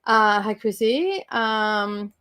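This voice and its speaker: A woman's voice: mid-range voice, lively intonation, extremely slow, a bit bright, clean tone. A young woman hosting a book club livestream, chatting casually, giggling often and greeting viewers by name.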